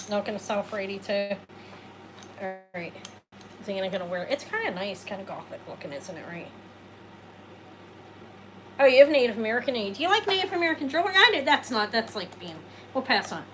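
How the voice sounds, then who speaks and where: A woman's voice: medium pitch, animated, brisk, long pauses, background noise. A woman hosting a live jewelry sale, talking in a chatty, rambling way, answering viewers and joking at her own expense. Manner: self-deprecating, jokes and laughs. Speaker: host selling jewelry live. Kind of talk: casual live sales chat.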